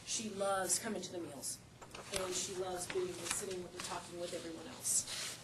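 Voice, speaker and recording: A woman, a nutrition services manager, giving a presentation at a council meeting in a halting way with many fillers and restarts. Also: lowish voice, flat delivery, heavy background noise. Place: meeting room.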